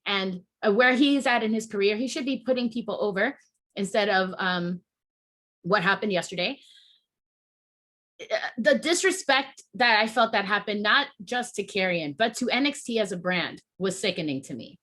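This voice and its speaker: A woman's voice: medium pitch, expressive, normal speed, a bit bright. A woman hosting a podcast, venting in a heated, emotional rant full of swearing and restarts. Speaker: podcast host.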